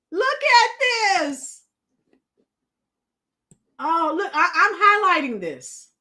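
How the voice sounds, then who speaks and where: A middle-aged woman with a high, bright voice hosts a casual livestream. She chats with her viewers and greets them as they arrive. Her voice is a little strained from shouting earlier. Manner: chatty, greets commenters, breaks into song. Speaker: livestream host.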